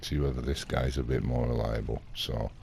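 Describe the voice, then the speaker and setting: A man with a very low, gravelly voice tells a rambling, indignant story in character while playing. He trails off and restarts often, and there's a faint hiss under him. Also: steady tone, normal speed, a little mellow. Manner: rambling, indignant anecdote telling with acted quotes. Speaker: gaming vlogger. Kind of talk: casual in-character gameplay storytelling.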